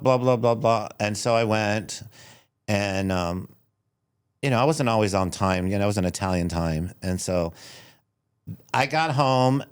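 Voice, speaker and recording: A middle-aged man from the United States, a chef and restaurant owner, telling animated stories in a casual interview and laughing often. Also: medium pitch, clear, resonant tone. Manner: animated storyteller, laughs often, acts out quoted voices.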